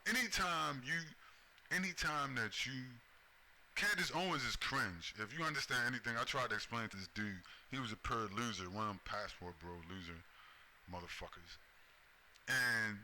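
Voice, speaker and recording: A man's voice: medium pitch, moderate pace, bright, forceful tone, slight background noise. A man giving a profane video commentary, often tagging his points with "right?". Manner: profane, repeats "right?" as a tag. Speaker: commentary host.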